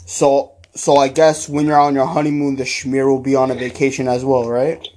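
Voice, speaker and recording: A man's voice: medium pitch, little pitch movement, normal speed, a little mellow, slight background noise. A man hosting a podcast, chatting casually with a slangy, playful, teasing manner. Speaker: podcast host.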